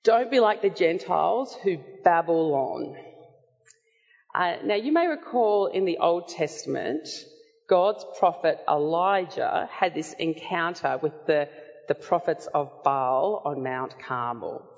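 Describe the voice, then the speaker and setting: A woman gives a sermon at an unhurried pace, earnest and measured as she teaches. Her voice carries through a hall with a long, trailing reverb. The recording sounds slightly dull. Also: fairly low pitch, expressive, a little mellow. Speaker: preacher.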